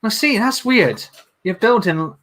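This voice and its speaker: A man's voice: high voice, very animated, unhurried, fairly bright tone, slight background noise. A man hosting a casual livestream, chatting and joking with viewers as he builds. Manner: jokey, chatty, talks to viewers. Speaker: livestream host.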